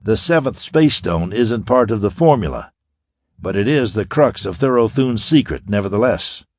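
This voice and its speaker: A man's voice: lowish voice, moderate pace, no room sound, clean studio sound. A man voicing a cool, brilliant space hero. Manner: calm, cool and assured.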